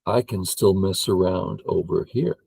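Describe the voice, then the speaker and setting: An older man who teaches Go, playing a game and thinking aloud in an excitable way while humming and counting under his breath. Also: sits low, a little slow, gravelly, husky, no room sound, low-quality recording.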